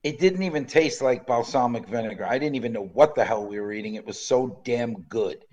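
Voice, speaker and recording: A man in his sixties co-hosting a podcast, telling stories in a lively, chatty way and laughing often. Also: medium pitch, brisk. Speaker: podcast co-host. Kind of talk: casual chat.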